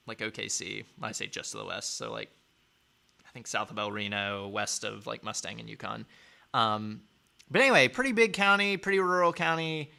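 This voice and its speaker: Male host, sarcastic, rambling, gravelly edge, bright tone. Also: medium pitch. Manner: sarcastic, rambling with many fillers. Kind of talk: casual commentary on clips.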